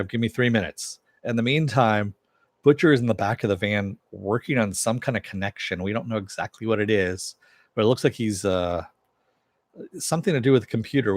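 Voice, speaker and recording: A TV reviewer with a voice on the low side loosely recounts an episode, relaying dialogue with "he goes" and peppering it with "uh." The recording has no echo.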